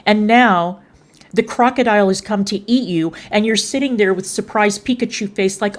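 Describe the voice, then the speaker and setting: A woman's voice: medium pitch, moderate pace. A woman streamer scolding someone in heated livestream commentary, contemptuous and swearing freely.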